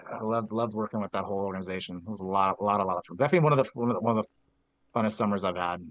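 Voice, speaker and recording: A man's voice: lowish voice, rapid-fire, no room sound. A man, a drumline percussion instructor and podcast guest, telling stories in a rambling casual way full of "like" and restarts. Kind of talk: casual storytelling chat.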